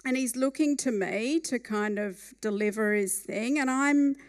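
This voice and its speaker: A woman telling a funny true story at a live storytelling night, with a wry and lively manner. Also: a little high, unhurried, clean tone.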